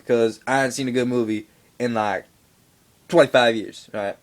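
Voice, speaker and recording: In a home vlog, a young man gives a casual movie review at normal speed in a medium-pitched voice. He's animated and rambling, with lots of fillers and asides.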